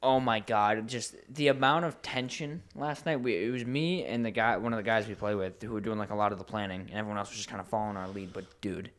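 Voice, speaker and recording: A man's voice: on the low side, quick pace, hardly any pauses. A young man co-hosting a podcast, telling stories in a casual, profane, laughing way. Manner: laughing, profane, animated storytelling. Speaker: podcast co-host. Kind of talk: casual chat.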